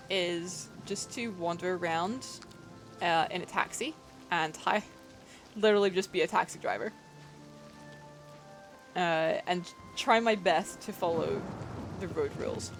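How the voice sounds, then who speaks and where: A woman's voice: on the low side, fairly bright tone. Chatty woman streamer, playful commentary. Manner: chatty, reacts to chat and game; playful, self-deprecating. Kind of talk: casual gameplay commentary.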